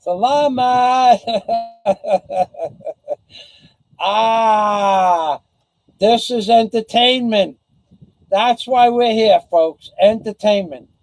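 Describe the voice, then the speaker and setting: A man's voice: high-pitched, slow, darkish tone, poor audio. A man vlogging to camera in a sarcastic, rambling, taunting way. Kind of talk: casual mocking chat to camera.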